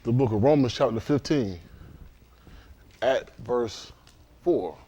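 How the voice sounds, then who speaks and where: Lively, joking man from Miami. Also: mid-range voice, slow pace, husky. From Miami, Florida. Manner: lively, joking, with loud exclamations. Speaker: congregation leader. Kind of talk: casual sermon talk and prayer. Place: synagogue hall during a livestream.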